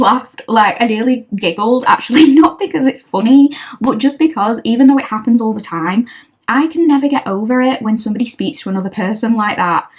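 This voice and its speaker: A young woman, a tarot reader casually telling a story to camera, chatty and wry, often laughing. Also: fairly high pitch.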